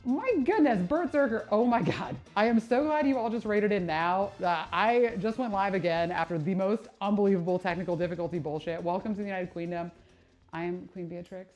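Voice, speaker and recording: This woman, a personal trainer, speaks in a mid-range voice at a moderate pace, faint music behind her. Exercising live on stream, she chats casually and animatedly, cursing and laughing at her own expense often.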